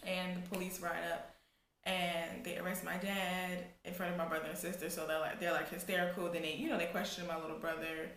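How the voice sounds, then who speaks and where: A woman's voice: lowish voice, flat delivery, a little fast, fairly bright tone, echoey room, slight background noise. A young woman in a casual storytime vlog, rambling with lots of restarts and filler words. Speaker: vlogger.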